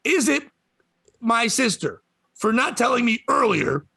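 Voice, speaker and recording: A comedian telling a story on a podcast, swearing a lot and ranting with animated energy. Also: male voice, very high-pitched, unhurried, gravelly, husky, no echo. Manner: profane, animated rant.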